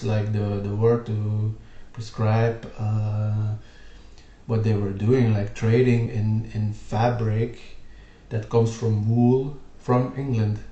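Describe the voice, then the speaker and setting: Slow-talking man explaining history. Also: lowish voice, warm tone, muffled recording. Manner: rambling, lots of fillers. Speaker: video host. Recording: roomy echo.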